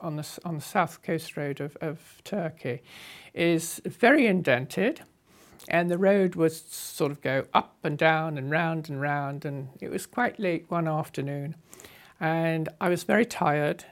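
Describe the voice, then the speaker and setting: A woman in her eighties, unhurriedly telling a story from her past as an interviewee, with a wry touch and soft laughs. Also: low-pitched, unhurried. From England. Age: 80s. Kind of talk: reminiscing storytelling.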